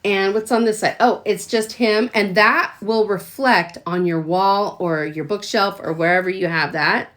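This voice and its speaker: A woman in a casual unboxing vlog, bubbling over with delight and exclaiming often. She talks at an easy, unhurried pace, her pitch sitting in a middle register. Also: fairly bright tone. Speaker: Scentsy consultant unboxing a product.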